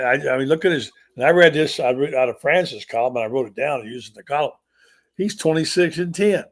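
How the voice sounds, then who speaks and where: A man's voice: fairly high pitch, fairly bright tone. An older man hosting a sports talk show, blunt and opinionated, telling long stories. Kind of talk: sports talk radio chat.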